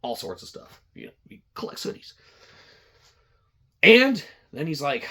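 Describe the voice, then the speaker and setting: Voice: mid-range voice, big pitch swings, moderate pace, a bit bright, husky. A podcast host telling a crude, rambling, sarcastic comedic story. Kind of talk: profane comedic rant.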